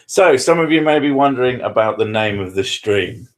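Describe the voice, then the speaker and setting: A man's voice: fairly low pitch, expressive, fairly quick. A man, hosting a live stream from his living room with crude, self-mocking banter. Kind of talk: casual live-stream chat.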